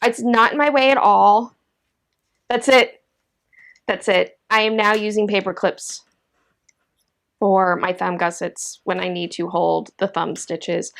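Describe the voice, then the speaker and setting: A woman's voice: medium pitch, unhurried, creaky. A woman hosting a knitting video, chatting casually while she demonstrates, enthusiastic and gushing with frequent exclamations.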